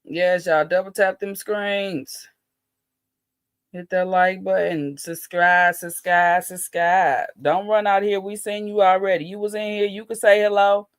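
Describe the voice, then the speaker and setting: A man hosting a livestream in a loose, profane, chatty way. His voice sits a little high for a man. It comes through dry and close, with no room sound. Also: steady tone, a little slow, clean tone, no room sound. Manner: loose, profane, talks straight to chat. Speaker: livestream host. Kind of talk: casual livestream chat.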